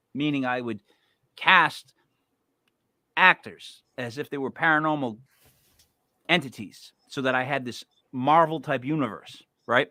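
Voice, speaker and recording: A man's voice: a little high, bright, forceful tone, no room sound, studio quality. A man co-hosting a podcast in playful comedic chat, joking through a list with punchy delivery. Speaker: podcast co-host.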